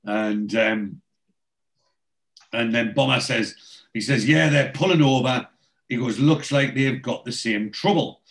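A man's voice: mid-range voice, measured pace, pauses often, fairly bright tone, poor audio. Chatty man recapping TV scenes. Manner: recaps scenes by quoting characters in a chatty storytelling way. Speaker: podcast host. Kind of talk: casual chat, retelling TV scenes.

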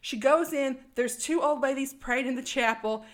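A woman co-hosting a casual chat, recounting a movie scene by scene in an animated storytelling way. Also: sits high, normal speed. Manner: animated storytelling, acts out characters' lines. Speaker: podcast co-host.

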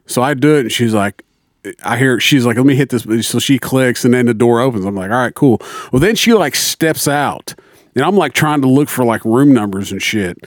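A man's voice: medium pitch, moderate pace, no echo. Profane storytelling man, dry close sound. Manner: profane, animated storytelling with quoted dialogue. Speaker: friend telling a story. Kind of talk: casual chat.

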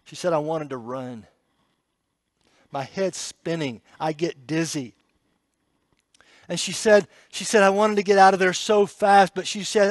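A man preaching a sermon, telling an emotional story and shifting between hushed passages and loud, pleading ones. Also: fairly high pitch, animated, unhurried, no echo, studio quality.

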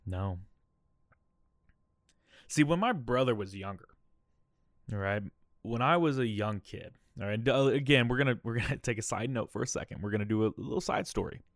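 Candid man with a lowish voice. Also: no room sound, clean studio sound. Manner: candid, rambling, keeps adding "all right?" and "okay?". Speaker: podcast host. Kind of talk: personal storytelling monologue.

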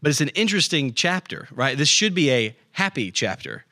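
A man's voice: a little high, sing-song, a little fast, sharp tone, no echo, clean studio sound. A man preaching a conversational sermon as a pastor, often checking in with his listeners. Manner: conversational, asks the room "right?".

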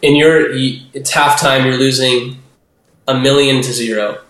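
A man's voice: medium pitch, steady tone, unhurried, a bit bright. A young man chatting as a podcast guest, rambling with lots of "like" and restarts and acting out little voices. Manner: rambling, heavy use of "like" and restarts, acts out voices. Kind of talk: casual interview talk. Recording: roomy echo.

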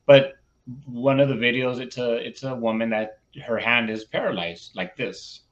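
A man's voice: mid-range voice, fairly even intonation, moderate pace. A male teacher telling a classroom story with animation, acting out bits of dialogue, with many fillers and restarts. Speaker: teacher, podcast guest. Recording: lo-fi, muffled audio.

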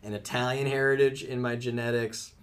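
A man's voice: medium pitch, level tone, fairly quick. A man from the United States, a comedian chatting as a podcast guest, joking, rambling and swearing freely. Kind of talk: casual podcast chat.

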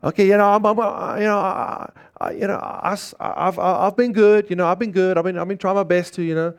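A man preaching who puts on a hesitant, self-justifying churchgoer, voiced higher than his own. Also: brisk, creaky, clean tone. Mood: defensive. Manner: hesitant, rambling, defensive.

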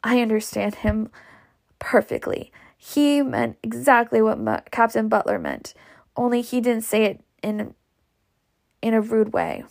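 A woman voicing a gentle, earnest young Southern lady who stumbles over her words. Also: fairly high pitch, expressive, unhurried, vocal fry.

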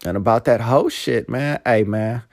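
A man's voice: mid-range voice, a little slow, vocal fry, darkish tone, no echo, clean studio sound. A man hosting a casual podcast monologue, profane and rambling. He tacks "man" onto nearly every phrase and turns heartfelt and choked up at times. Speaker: podcast host.

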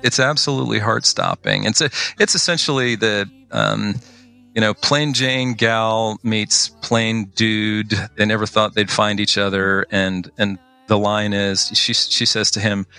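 A man in casual conversation, retelling a song's story in a halting, heartfelt way with many restarts. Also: lowish voice, steady tone, creaky, sharp tone, smooth, soft background music. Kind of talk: casual chat.

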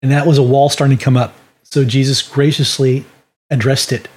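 A man's voice: mid-range voice, flat delivery, brisk, a little mellow, slightly rough. A man teaching a Bible lesson on sharing faith, talking in a folksy, conversational way with restarts. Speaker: ministry teacher.

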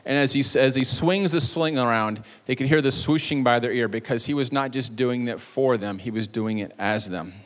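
A man's voice: mid-range voice, moderate pace, hardly any pauses, long reverb tail. A male pastor preaching a sermon in a church, telling a story with jokey asides and playful energy. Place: church sanctuary.

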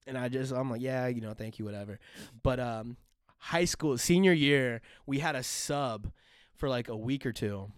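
A young man co-hosting a podcast, telling stories in a casual, profane, animated way. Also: medium pitch, moderate pace, clear, resonant tone, dry recording, studio quality. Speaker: podcast co-host. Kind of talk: casual chat.

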